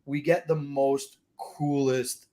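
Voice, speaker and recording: A woman's voice: rumbling low, fairly even intonation, takes it slowly, mellow. A woman chats casually on a show, often stumbling and restarting her sentences before she finds her words. Her manner is easygoing and conversational. She speaks in an everyday voice. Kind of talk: casual chat.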